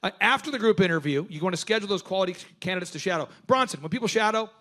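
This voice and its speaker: Animated high-voiced male business coach. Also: racing. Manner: animated storyteller, acts out voices. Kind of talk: energetic workshop talk.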